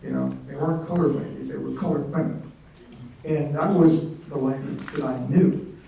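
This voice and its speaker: A man in his sixties with a fairly high voice tells a comic story on stage, slipping into other people's voices as he goes. He sounds a little distant from the microphone in a big, echoing hall. A faint hum of the room sits underneath. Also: fairly even intonation, moderate pace, gravelly, dark tone. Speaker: author at a library event. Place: large hall, live audience. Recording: echoey hall, mic from a distance.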